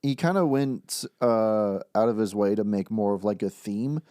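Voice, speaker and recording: A man co-hosting a podcast in casual chat, halting and repeating words, quick to laugh. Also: on the low side, mellow, dry recording, clean studio sound. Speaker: podcast co-host.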